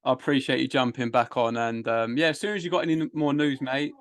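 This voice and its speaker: A man's voice: mid-range voice, steady tone, fast talker. A man hosting a sports podcast, interviewing a guest in a friendly, chatty way. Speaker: podcast host. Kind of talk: casual interview chat.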